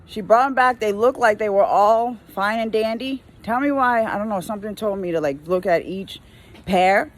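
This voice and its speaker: A woman's voice: mid-range voice, normal speed. A woman who works in retail, venting in a casual rant while driving, exasperated and full of slang, mimicking customers as she goes. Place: in a car.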